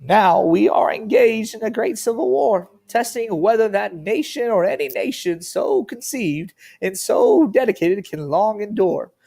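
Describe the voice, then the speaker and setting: A grand 1860s statesman delivering a speech, as a man puts him on, drawing out each phrase with slow, ceremonial weight. The pitch sits high, lifted well above the performer's normal speech. The tone is dark with a gravelly edge. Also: lively intonation, exaggerated voice. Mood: solemn. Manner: slow, drawn-out, declaiming oratory.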